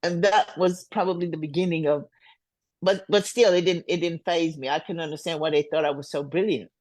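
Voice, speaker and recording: An older woman, a singer, telling stories in a relaxed interview and playfully acting out the people she quotes, with frequent laughter. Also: on the low side, fairly quick, dry recording. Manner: laughs often while talking. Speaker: singer and guest. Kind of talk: storytelling in a casual interview.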